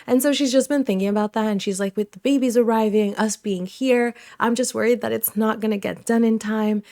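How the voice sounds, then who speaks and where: A woman's voice: on the high side, fairly even intonation, brisk, warm tone, no room sound. A young woman casually commenting on her life-simulation game, gushing over her characters and voicing their chats. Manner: gushing, chatty, voices the characters' thoughts. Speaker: let's play host.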